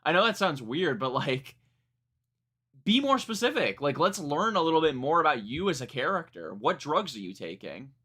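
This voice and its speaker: Bright-voiced young man rambling through a reaction. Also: on the high side, big pitch swings, moderate pace, breathy edge. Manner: rambling, self-correcting, frank and profane. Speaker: music reaction streamer. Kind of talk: casual live reaction commentary.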